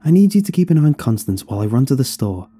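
Man reading as a stern, hurried mom, clipped and scolding, dark husky tone. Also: medium pitch, sing-song, faint music behind, pitched above the performer's own voice. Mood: impatient. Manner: curt, impatient scolding. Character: harried, stern mother.

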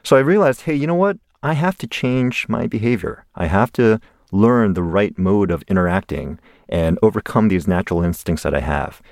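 A man's voice: sits low, animated, normal speed, gravelly, darkish tone, no room sound, clean studio sound. A man in his forties from the United States, a guest in an interview telling a personal story animatedly and laughing along the way.

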